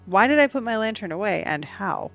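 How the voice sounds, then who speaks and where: A woman with a gravelly, creaky edge to her voice, rambling casually as she plays a cozy game on stream. The sound is dull and lo-fi, with faint game music underneath. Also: medium pitch, animated, fairly quick, a bit bright. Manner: chatty and rambling, talking to the game and to her dog. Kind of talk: casual gameplay chat.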